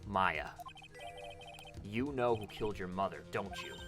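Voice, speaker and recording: A man streaming a courtroom game, reading the lines aloud and commenting, moving from mutters to loud outbursts. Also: sits low, unhurried, music in the background. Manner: animated, switching between mutters and loud outbursts. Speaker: let's play streamer.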